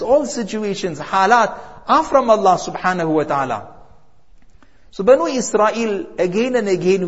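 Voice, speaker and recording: High-voiced man preaching in a reverberant hall. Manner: storytelling, emphatic, drawing out key words. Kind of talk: sermon. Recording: reverberant hall, dull lo-fi sound.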